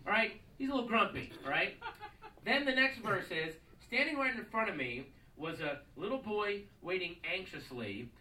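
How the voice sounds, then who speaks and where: On a stage with live room echo and a distant mic, a man performs a profane, mocking stand-up routine, acting out song lyrics and characters while the audience laughs. His voice sits high and sounds bright and forceful, delivered at a moderate, animated pace. There's slight background noise.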